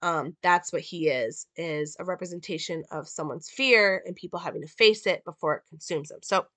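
A woman's voice: lowish voice, moderate pace, fairly bright tone, dry recording. A woman giving a casual analysis and plot recap of a film, talking loosely with many "like" and "um" fillers.

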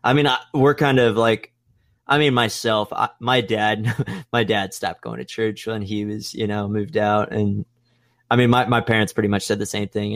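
A young man rambles through a casual podcast chat, swearing freely and leaning on filler words. His voice sits a little low. The recording is dry and close. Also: steady tone, moderate pace, a bit bright, dry recording. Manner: rambling, profane, lots of "like". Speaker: podcast host.

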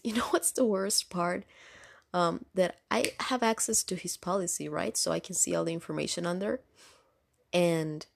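Chatty low-voiced woman with vocal fry. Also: dry recording, studio quality. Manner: chatty, rambling with many fillers. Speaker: storytime vlogger. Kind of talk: casual storytime chat.

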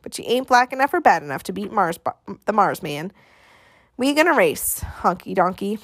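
A woman's voice: mid-range voice, sing-song, normal speed, no room sound, clean studio sound. A woman doing a cocky teenage bully, Mars Bar. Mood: menacing. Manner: boastful street slang, jeering. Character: cocky taunting teenage boy, swaggering bully.

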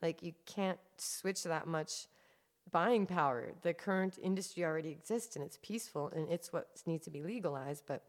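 Low-voiced woman telling her story earnestly. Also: normal speed. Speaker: cannabis activist guest. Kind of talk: conversational interview.

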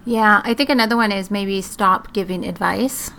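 A woman's voice: medium pitch, moderate pace, pushed and bright. A woman co-hosting a casual advice chat, encouraging and direct, who talks to listeners as "guys" and lays out her points step by step. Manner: lists points and steps firmly. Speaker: podcast co-host.

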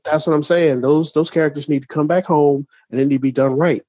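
A man's voice: on the high side, fairly quick, dry recording. A man co-hosting a podcast, ranting in casual chat with lots of restarts. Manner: animated, ranting, many restarts. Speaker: podcast co-host.

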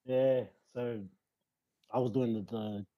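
A man, a rugby league player telling his story as a guest in a casual interview, relaxed and rambling with lots of fillers. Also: mid-range voice, takes it slowly, no room sound, muffled recording. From New Zealand.

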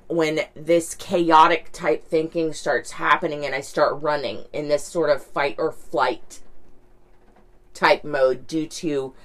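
A woman talking candidly in a casual reflective monologue, rambling, with lots of "like" and "right?". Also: low voice.

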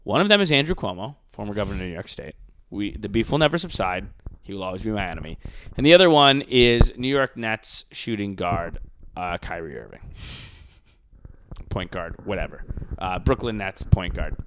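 A man's voice: on the low side, moderate pace, slight background noise. A man hosting a podcast, ranting casually with crude jokes and mocking impressions. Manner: animated, profane, mocking impressions. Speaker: podcast host.

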